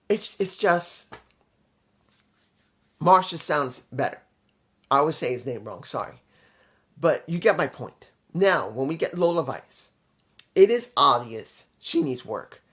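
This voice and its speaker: A host giving a loose, casual video review, blunt and opinionated, often stumbling over names and correcting themself. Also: mid-range voice.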